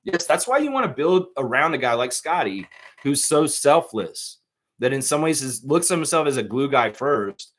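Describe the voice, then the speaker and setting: A man hosting a live sports stream, talking in a rambling, excitable way and laughing often. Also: medium pitch, normal speed. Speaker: podcast host. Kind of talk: casual live-stream chat.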